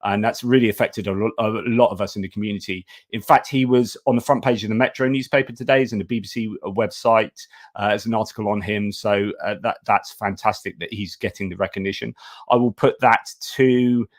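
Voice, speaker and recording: Man, live stream host, somewhat low voice, casual, rambling with restarts. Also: steady tone, brisk, dry recording, clean studio sound. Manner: chatty, many restarts and fillers. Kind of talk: casual live stream chat, reading donor thanks.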